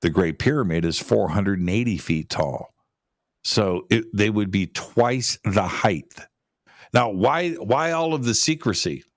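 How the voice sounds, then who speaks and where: Slow, low-voiced man chatting casually. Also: lively intonation, no room sound, studio quality. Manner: rambling, repeats words, stumbles and restarts. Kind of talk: casual conversational talk.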